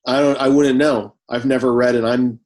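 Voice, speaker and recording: A man's voice: mid-range voice, fairly even intonation, normal speed, darkish tone. A man speaking in character as a tabletop game player, earnest and cautious.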